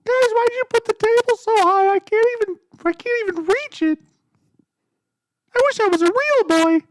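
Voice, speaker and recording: Squeaky whiny little guy. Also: normal speed. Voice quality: high squeaky falsetto. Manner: whiny, complaining. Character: squeaky whiny small man, childlike.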